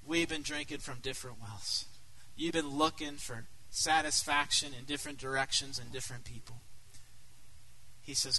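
A middle-aged man preaching a sermon as pastor, earnest, dropping to a hush and then rising to loud, emphatic peaks. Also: mid-range voice, fairly even intonation, moderate pace, low-quality recording.

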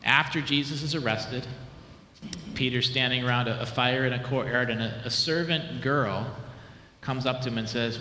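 A male pastor delivers a sermon with a bright, forward voice, growing animated and then sinking low and hushed to retell a scene. His words ring out through a large church with long reverb, with faint room ambience behind. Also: moderate pace, a little hiss or hum. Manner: animated preaching, dropping low and soft for dramatic quotes. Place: church sanctuary. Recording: echoey hall with long reverb.

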